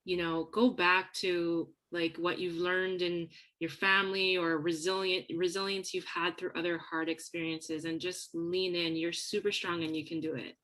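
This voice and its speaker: A woman with a somewhat low voice, speaking as a guest on a casual podcast. She talks in an earnest, reflective way. Her tone is encouraging. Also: level tone, moderate pace, few pauses, fairly bright tone. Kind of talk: casual interview chat.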